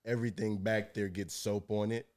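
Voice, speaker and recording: Low-voiced laid-back young man. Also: flat delivery, moderate pace, a little mellow. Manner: laid-back, rambling, laughs at himself. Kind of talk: casual crude banter.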